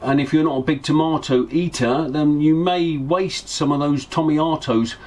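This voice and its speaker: A man's voice: a little high, steady tone, normal speed, a little mellow. Chatty rambling male vlogger. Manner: rambling, chatty, with self-deprecating asides. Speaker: narrowboat vlogger. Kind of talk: casual vlog narration.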